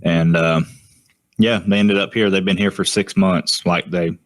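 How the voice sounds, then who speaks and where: Deep-voiced Southern US man. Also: fairly even intonation, moderate pace. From Georgia, US. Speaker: podcast co-host, HVAC technician. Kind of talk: casual chat.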